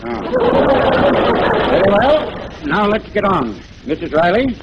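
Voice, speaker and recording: A brisk, officious judge, with a high, lively voice. A 1940s radio comedy performance. The recording is muffled old broadcast audio with hiss. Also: male voice. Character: brisk no-nonsense male judge.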